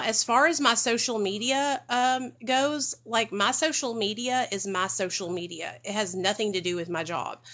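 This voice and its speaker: This Arkansas woman hosts a casual livestream on addiction recovery from a home room with children nearby. Her mid-range voice is bright and forceful, and she chats directly to viewers, often tossing in "okay?".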